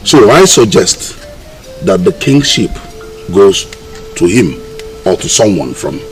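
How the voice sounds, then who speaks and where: Man as a deep, unhurried Nigerian elder, formal and measured. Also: big pitch swings, faint music behind, heavily acted, low-quality recording. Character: calm elder chairing a village council.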